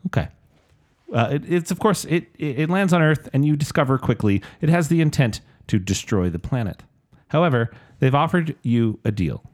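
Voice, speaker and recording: A man in a casual podcast chat, spinning playful hypotheticals for his co-hosts. His pitch swings widely as he builds up each scenario, with a middling, ordinary register. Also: animated, normal speed. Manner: playful, sets up scenarios dramatically. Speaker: podcast co-host posing hypotheticals.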